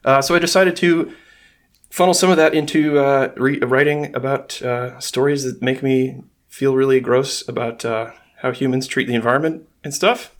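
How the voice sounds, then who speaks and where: A man's voice: mid-range voice, fairly even intonation, moderate pace. A man from the United States chatting casually on a podcast, rambling with lots of fillers. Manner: rambling, filler-heavy, self-deprecating.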